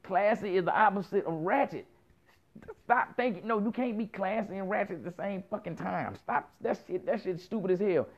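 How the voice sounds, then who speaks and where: Man, 30s, casual profane storytelling rant, slangy, slightly high voice, muffled lo-fi sound. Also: normal speed. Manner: profane, animated, lots of quoted dialogue and slang. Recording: muffled lo-fi recording.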